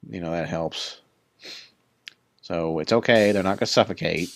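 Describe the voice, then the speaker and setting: A man's voice: low voice, dry recording. A man casually touring his Minecraft build, rambling and self-deprecating, chatting to creatures in the game, his voice a little worn. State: voice a bit worn. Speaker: Minecraft builder giving a tour. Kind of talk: casual let's-play commentary.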